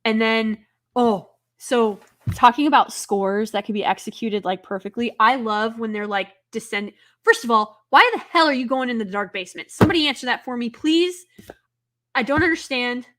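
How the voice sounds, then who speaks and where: Woman streamer, casual live chat, slightly high voice, rambly, prone to loud outbursts. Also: normal speed. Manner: chatty, many filler words, rambling; bursts into loud, exasperated outbursts. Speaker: livestream host.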